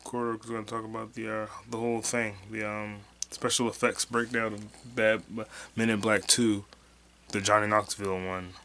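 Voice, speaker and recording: A man hosting a solo podcast, rambling loosely and profanely, with sudden loud excited bursts. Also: on the low side, normal speed, slight background noise. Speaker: podcast host and stand-up comic.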